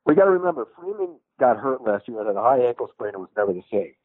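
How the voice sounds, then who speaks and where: A man's voice: mid-range voice, big pitch swings, rapid-fire, no echo. Man, football reporter calling in, tinny phone-line sound, dry, plain confident verdicts. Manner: matter-of-fact, confident verdicts. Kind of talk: sports analysis on a podcast. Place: at a team practice facility.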